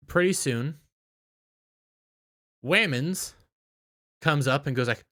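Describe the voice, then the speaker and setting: A tired man giving a casual, rambling spoken recap of a TV episode, with halting restarts. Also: a little high, pushed and bright. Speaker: video reviewer.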